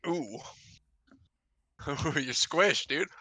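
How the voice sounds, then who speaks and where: A man's voice: on the high side, extremely slow, sharp tone, dry recording. A man playing in a tabletop game, chatting casually and teasing the others. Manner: teasing, laughs often. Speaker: player.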